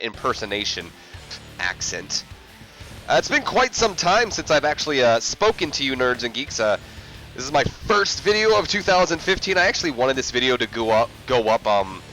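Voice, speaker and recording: A man's voice: mid-range voice, bright, forceful tone. A man giving casual video game commentary as a let's play host, rambling and self-mocking with many fillers.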